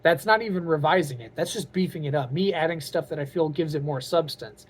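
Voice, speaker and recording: A man's voice: fairly high pitch, brisk, slightly rough. A man talking to camera in a casual vlog, earnest and openly emotional, rambling with lots of "like" and "you know". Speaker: vlogger and aspiring author.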